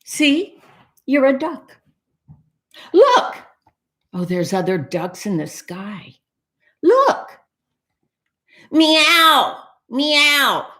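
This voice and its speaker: A woman voicing a bossy, easily irritated cat in a children's storytime, insistent and high-pitched. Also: very animated, slow. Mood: exasperated. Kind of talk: children's storytime read-aloud.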